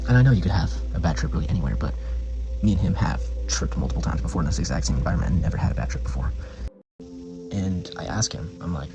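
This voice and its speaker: Deep, gravelly young man telling a story. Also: fast talker, low-quality recording. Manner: rambling, slangy, swears a lot, heavy use of filler words. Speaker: vlogger. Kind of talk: casual storytime. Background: background music.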